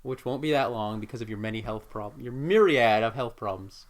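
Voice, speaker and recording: A man's voice: mid-range voice, fairly quick. A man co-hosting a podcast in casual chat, dry and sarcastic, who swears casually. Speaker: podcast co-host.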